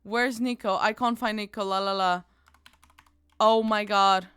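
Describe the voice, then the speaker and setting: A woman game streamer chatting casually with her viewers, bubbly and quick to laugh, calling people darling. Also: medium pitch, fairly even intonation, smooth, dry recording. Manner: bubbly, bursts into loud panicked squeals and laughter. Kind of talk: casual live-stream chat.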